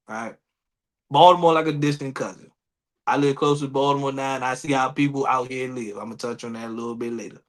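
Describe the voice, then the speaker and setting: A man's voice: medium pitch, a bit bright. A man with a DC-area accent, co-hosting a podcast in casual, profane chat and acting out other people's voices. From Washington DC area. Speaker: podcast co-host.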